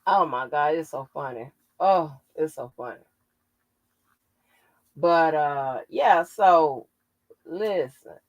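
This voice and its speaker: A woman's voice: sits low, creaky, a little mellow, no echo, poor audio. A woman hosting her own channel, chatting casually and profanely on a livestream, laughing often as she tells stories. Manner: salty, laughing, profane storytelling. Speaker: channel host.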